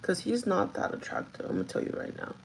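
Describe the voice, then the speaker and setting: Gravelly-voiced woman telling a chatty story. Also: fairly low pitch, huge pitch swings, fast, slight background noise, poor audio. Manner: chatty and gossipy, with frequent "like" and swearing. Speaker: store manager. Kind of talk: casual storytime chat with a livestream audience.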